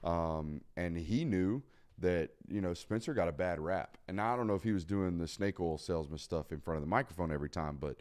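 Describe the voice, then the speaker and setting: A man's voice: low voice, a little fast, darkish tone. A man hosting a live sports talk show, emphatic and blunt, repeating points for stress. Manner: blunt, casual swearing. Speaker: podcast host.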